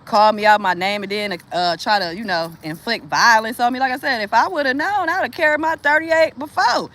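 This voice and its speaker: A woman's voice: on the high side, fairly quick, a bit bright. A woman vlogger venting in a casual, profane monologue, laughing often, with speech.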